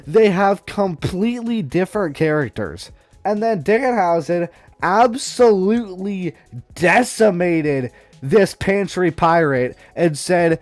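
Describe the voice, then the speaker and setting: A man's voice: high voice, a little mellow, dry recording. A young man hosting a casual news commentary vlog, rambling and snarky, trading playful insults. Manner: rambling, snarky, trash-talking. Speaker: vlog host.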